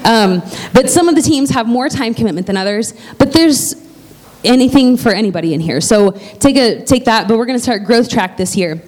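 A woman's voice: fairly high pitch, animated, brisk, darkish tone. A woman pastor making church announcements from the pulpit, chatty and heartfelt, with plenty of fillers and restarts.

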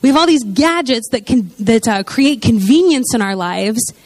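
Casting note: woman preacher, relaxed and talky, slightly high voice, dry close sound. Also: normal speed, no room sound. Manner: chatty, full of "you know" and "like" asides. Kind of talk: conversational sermon.

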